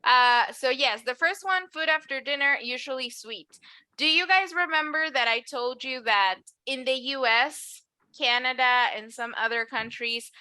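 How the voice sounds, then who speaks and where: A woman's voice: high-pitched, measured pace, sharp tone, dry recording. A woman teaching an English class, explaining patiently and switching to Spanish to clarify. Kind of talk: online English lesson.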